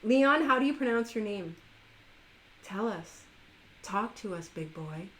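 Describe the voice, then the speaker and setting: A woman's voice: mid-range voice, lively intonation, a little slow, poor audio. A woman hosting a live stream, chatting casually in a playful, teasing way with her viewers.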